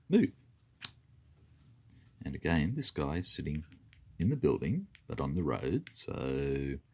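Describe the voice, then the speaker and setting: A man's voice: extremely low pitch, creaky. A man talking through his moves in a tabletop wargame, methodically counting dice and spaces aloud. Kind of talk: talking through a board game turn.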